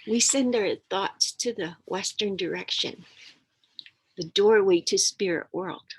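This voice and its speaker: An older woman leads an outdoor lesson, telling stories slowly and gently in plain words sprinkled with Ojibwe. Her voice is gravelly and a little husky. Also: medium pitch. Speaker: elder teacher. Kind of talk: oral storytelling lesson.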